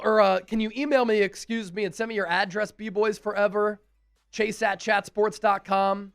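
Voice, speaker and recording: A man's voice: sits high, clean tone, no echo, clean studio sound. A man hosting a live sports stream in a casual way, reading out fan messages one after another and thanking each sender.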